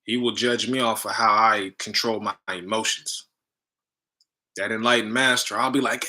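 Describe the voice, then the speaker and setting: Bright-voiced man telling a story casually. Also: on the low side, fairly even intonation, normal speed. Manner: loose, slangy, full of "you know" and "right?". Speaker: spiritual teacher and healer.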